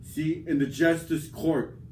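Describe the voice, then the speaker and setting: Slow, boastful man cutting a wrestling promo. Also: on the high side, steady tone, mellow, slight background noise. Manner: boastful, drawn-out dramatic delivery.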